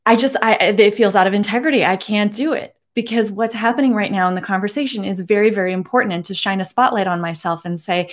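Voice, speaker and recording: A woman in her forties speaking earnestly to camera from her home, emotional and holding back tears, with many halting restarts. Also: medium pitch. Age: 40s. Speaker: beauty vlogger. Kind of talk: personal address to camera.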